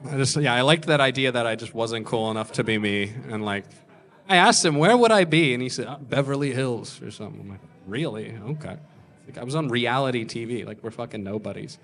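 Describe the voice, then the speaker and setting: A young man telling self-deprecating stand-up stories on a comedy club stage, acting out other people's lines in quick voices. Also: mid-range voice, lively intonation, fairly bright tone. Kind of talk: stand-up storytelling.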